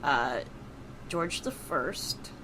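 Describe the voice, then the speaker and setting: A chatty woman with a lowish voice, co-hosting a casual podcast. She reads out history facts, stopping often for fillers and restarts. Faint noise hums under her voice. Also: animated, very slow, bright, forceful tone. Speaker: podcast co-host. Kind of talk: casual chat.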